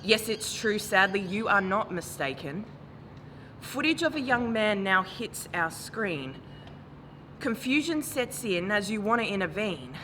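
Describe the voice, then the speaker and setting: Slow, grave woman reciting poetry. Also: medium pitch, very animated, bright, forceful tone. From Australia. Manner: measured, grave delivery rising to impassioned calls. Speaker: spoken word poet. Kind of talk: spoken word poetry. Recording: noisy recording with traffic ambience.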